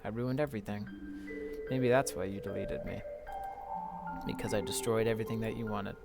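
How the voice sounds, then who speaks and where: A man's voice: on the low side, fairly even intonation, brisk, gravelly, loud music behind the voice. A man reading aloud the lines of a heartbroken teenage girl character from a game, with pleading, wounded emphasis. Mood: remorseful.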